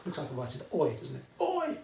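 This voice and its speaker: A British man teaches maths at a whiteboard in a fairly high voice, chatty and full of asides. He is recorded from a distance in an echoey room, with faint room noise behind him. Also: normal speed, darkish tone. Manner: chatty, asks "okay?" often, asides to viewers. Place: classroom with whiteboard.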